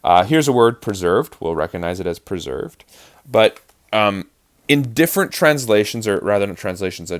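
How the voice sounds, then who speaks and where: A man explaining verse rhythm as an acting teacher, in a chatty lesson with frequent fillers and restarts. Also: lowish voice. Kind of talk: online lesson on verse speaking.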